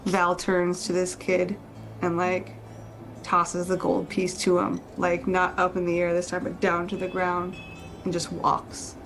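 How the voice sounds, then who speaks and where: Woman, tabletop player, slow and flat, lowish voice, off mic, faint music. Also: poor audio. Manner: slow, halting, describes her character's actions. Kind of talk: tabletop role-play.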